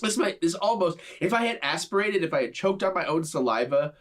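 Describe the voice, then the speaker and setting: A man's voice: on the high side, animated, fairly quick. A man in a video reacting to a film trailer, rambling earnestly and gushing as a devoted fan. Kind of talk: enthusiastic fan reaction commentary.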